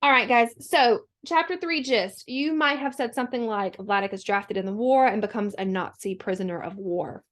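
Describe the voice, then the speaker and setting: A woman teacher giving a recorded lesson, talking students through the steps in a steady, instructional way with frequent fillers. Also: medium pitch, normal speed, few pauses.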